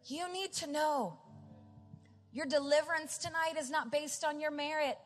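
A woman's voice: sits high, moderate pace. A middle-aged woman pastor preaching a sermon, telling family stories with chatty asides and building to emphatic points. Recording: large hall with reverb, faint music.

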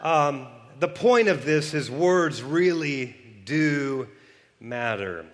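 A man's voice: a little high, slow pace. Fired-up preacher man, reverberant hall. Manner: energetic preaching, rising to shouts. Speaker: pastor. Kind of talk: sermon. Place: large church hall.

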